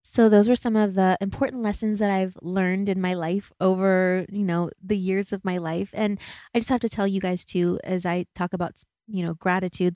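Earnest chatty woman in her thirties, mellow. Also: medium pitch, no echo, studio quality. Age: 30s. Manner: earnest and chatty, full of "like" and "you know". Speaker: podcast host. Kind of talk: reflective solo podcast monologue.

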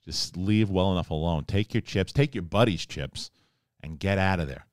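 A low-voiced man walks through a show in a casual spoiler review. He rambles and jokes, dropping into quick impressions of the characters' lines. The sound is close and dry, with no room around it. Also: dry recording. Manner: animated, acts out characters' lines in a joking voice; rambling, conversational, mild swearing.

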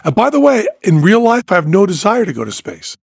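An older man hosting a podcast, telling a story in a lively way, dropping quiet and then rising almost to shouting. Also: high voice, a little fast, gravelly, breathy edge, no room sound, studio quality. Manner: animated, swings from quiet to near-shouting when acting out panic. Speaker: podcast host, magician and comedian.

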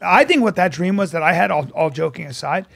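A middle-aged man co-hosting a podcast, telling a story in a casual, profane, animated way and acting out the quotes. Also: sits high, fast, vocal fry. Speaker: podcast co-host. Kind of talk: casual chat. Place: podcast studio.

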